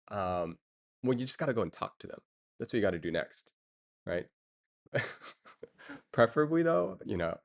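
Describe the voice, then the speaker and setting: A man streaming and chatting casually with his viewers, rambling with lots of fillers and chuckles. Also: low-pitched. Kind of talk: casual chat.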